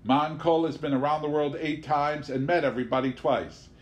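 A man's voice: fairly high pitch, fairly even intonation, brisk, pitched above the performer's own voice, close to an everyday voice. A man reading an audiobook, voicing a grandiose male showman in a pompous, theatrical manner.

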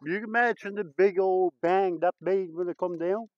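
A man vlogging outdoors in the woods, exclaiming excitedly and chatting to his viewers as he explores. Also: high-pitched, normal speed, no room sound, lo-fi sound. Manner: excitable, lots of exclamations and chuckles. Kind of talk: casual vlog commentary.

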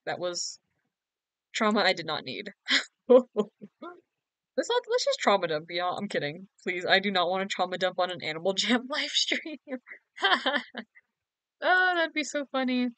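A woman's voice: mid-range voice, sing-song, measured pace, long pauses, a bit bright, no echo. A young woman chatting casually on a late-night game stream, giggly, teasing and sleepy. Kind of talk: casual live-stream chat.

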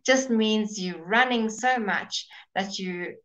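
Slow, breathless woman teaching English. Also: mid-range voice, fairly bright tone, low-quality recording. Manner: slow, explaining patiently, with fillers and restarts. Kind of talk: live online language class. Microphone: webcam or computer mic.

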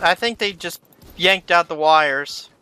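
A player in a co-op video game, chatting casually and calmly giving directions to a teammate. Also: medium pitch, takes it slowly, clear, resonant tone. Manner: steady, explains and directs.

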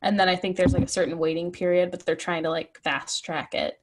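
A woman's voice: fairly low pitch, steady tone, fairly quick, slight background noise. A woman co-hosting a sports podcast, talking casually with lots of fillers. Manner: chatty, many fillers and likes. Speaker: podcast co-host. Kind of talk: casual chat.

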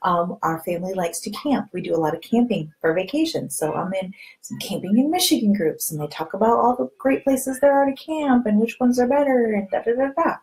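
A woman's voice: fairly high pitch, a little fast, low-quality recording. A woman coaching her direct sales team to camera in a candid, chatty way, acting out conversations with friends. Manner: animated, acts out quoted friends with voice changes; candid, chatty, repeats catchphrases.

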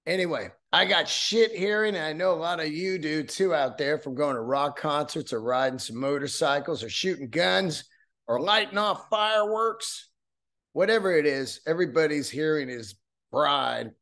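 A man's voice: fairly high pitch, moderate pace, sharp tone. A man hosting his own podcast, talking in a loose, profane, rambling way with lots of asides into a studio mic. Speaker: podcast host. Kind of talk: casual solo podcast monologue.

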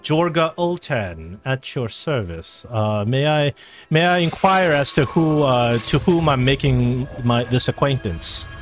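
A man voicing a stiff, formal, suspicious male nobleman at a tabletop game, speaking slowly and quietly in a lowered voice. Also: expressive, soft background music, close to an everyday voice.

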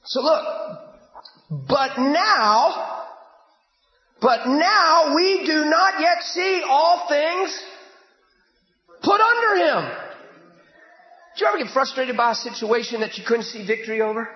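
High-pitched, shouting preacher man. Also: slow pace, pauses often, echoey room, in a large hall, lo-fi sound. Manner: emphatic, often shouting, with sudden drops to a hushed voice. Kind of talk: sermon. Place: church hall.

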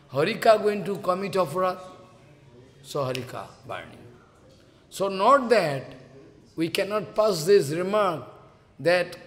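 A man giving a devotional lecture, telling a story and acting out the dialogue of gods in raised voices. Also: sits high. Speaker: spiritual teacher. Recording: long hall reverb.

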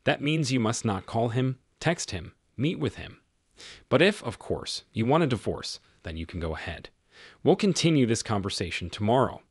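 A man voicing a cold, stern husband confronting his cheating wife, in a measured tone. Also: medium pitch, big pitch swings, husky, no echo, clean studio sound.

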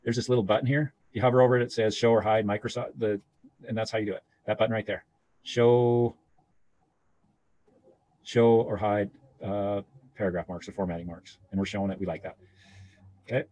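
Male teacher, low voice, quick and loose, thinking aloud while he clicks through steps. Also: little pitch movement, a little mellow, slight background noise. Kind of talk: screen-share software tutorial.

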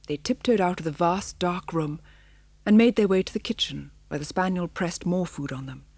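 A woman reading a children's novel aloud in a measured, expressive storybook narration, in a studio. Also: lowish voice, no room sound. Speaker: audiobook narrator. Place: recording studio.

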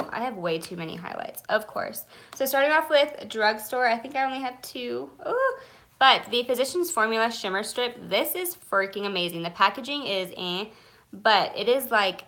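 A woman's voice: fairly high pitch, pushed and bright. A young woman, chatting live about her favorite beauty products in a gushing, chatty way, a little nervous and stumbling now and then. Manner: gushing, chatty, many fillers; nervous, self-conscious. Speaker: beauty vlogger.

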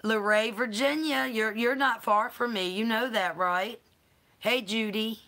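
Woman, unhurried, bright voice, affectionate live-stream host. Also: fairly high pitch. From North Carolina. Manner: affectionate, calls viewers honey and baby. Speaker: channel host. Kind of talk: live-stream chat, greeting viewers.

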